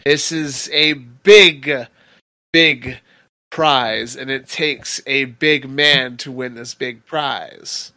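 A man voicing a thin, smug male casino boss with a huge grin during a tabletop game. He speaks in a smooth, taunting way. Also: mid-range voice, steady tone, very slow, bright, forceful tone, no echo, full character voice.

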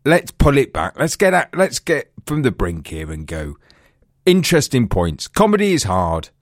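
A man's voice: mid-range voice, wildly swooping pitch, normal speed, dry recording, clean studio sound. A man co-hosting a film podcast, chatting casually and laughing easily. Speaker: podcast co-host. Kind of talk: casual chat.

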